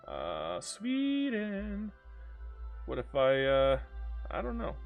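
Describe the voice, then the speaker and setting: A man's voice: high voice, wildly swooping pitch, very slow, creaky, narrow, tinny audio, faint music behind. A man giving casual live-stream commentary on a strategy game, chatty and swearing, talking back to the game and to chat.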